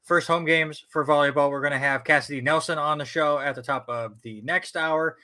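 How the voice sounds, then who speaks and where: A man's voice: fairly high pitch, steady tone, fairly quick, pushed and bright. A middle-aged man hosting a casual sports talk show, chatty and joking at his own expense. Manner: joking, self-deprecating, chatty.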